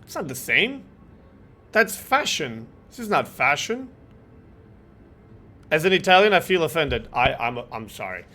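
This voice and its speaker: A man from Croatia chatting casually while streaming a game, animated and joking, swearing and laughing often. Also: on the high side, a little slow, long pauses. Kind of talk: casual gameplay chat with chat replies.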